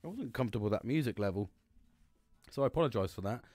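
A man's voice: medium pitch, expressive, fast, darkish tone, no room sound, soft background music. Man, middle-aged, blunt and profane, rambling storyteller, mid-range voice, dry close recording. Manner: frank and heavily profane, rambling with restarts. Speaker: podcast host. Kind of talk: candid personal storytelling.

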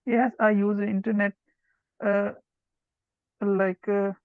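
A woman's voice: mid-range voice, flat delivery, no room sound. Hesitant woman learner on a tinny line. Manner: hesitant, halting, many pauses and fillers. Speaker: English learner taking a test. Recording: tinny, phone-like call audio.

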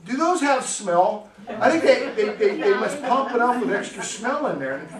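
A man's voice: high-pitched, very animated, normal speed, crowd noise. A middle-aged man, a pastor, preaching a sermon in a chatty, storytelling way with frequent laughs, in a church sanctuary. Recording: echoey church hall, distant mic, faint noise.

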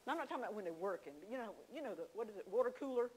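A woman's voice: a little high, lively intonation, very fast, a little mellow, a little hiss or hum, low-quality recording. A woman teaching a church class, telling homey stories with confiding asides. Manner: folksy storytelling, confiding asides.

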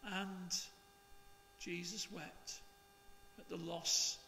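A man, a priest, reading the Gospel and preaching in a slow, measured, expressive way. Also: high-pitched, vocal fry, big-room sound, a little hiss or hum.

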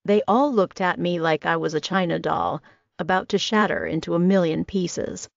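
Low gravelly woman narrating romance. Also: sing-song, moderate pace, no echo. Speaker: audiobook narrator. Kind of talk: first-person romance audiobook narration. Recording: dull lo-fi recording.

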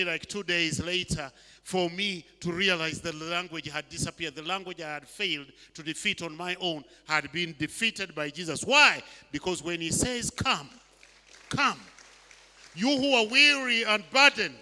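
An older man from Uganda preaches in a church hall, his voice high and strikingly bright. He moves between loud, urgent appeals and hushed, slow lines. A long reverb trails each phrase. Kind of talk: sermon.

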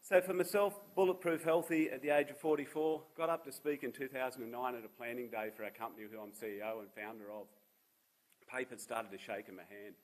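A charity founder in his fifties addresses a seminar in an Australian accent, his stories personal and his jokes mostly at his own expense. His mid-range voice is steady in tone and brisk in pace. The recording quality is low.

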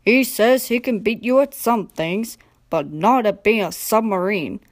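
A woman's voice: medium pitch, a little slow, lightly acted. A young woman voicing the firm, stern man in charge of the railway in a storybook reading. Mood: approving. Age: young adult. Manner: firm, scolding then approving. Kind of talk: storybook character voice.

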